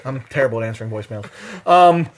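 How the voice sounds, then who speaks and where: With a mid-range voice and a fast delivery, a young podcast co-host tells stories in a casual chat, full of profanity, jokes, and animation. There's a little hiss or hum in the recording.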